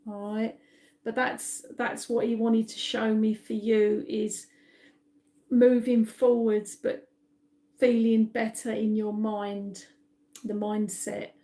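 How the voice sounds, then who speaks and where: A woman's voice: a little high, flat delivery, slow, mellow. A middle-aged woman, a psychic medium, giving a reassuring live-stream reading and often checking in with "all right?".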